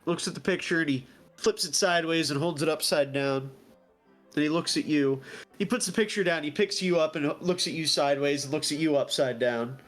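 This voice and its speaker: A man's voice: a little high, brisk, fairly bright tone, soft background music. A young man narrating a tabletop game as game master, playful and lightly voicing the characters. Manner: playful storytelling, voices orc characters lightly.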